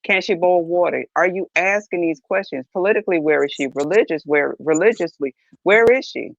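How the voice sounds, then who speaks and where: A woman talks with firm emphasis and throws out rhetorical questions. Her voice carries a gravelly fry at a middle pitch. The sound is dry and dull, like a lo-fi stream. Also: fairly quick, dry recording. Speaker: panelist on a live reaction show. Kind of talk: opinionated casual discussion.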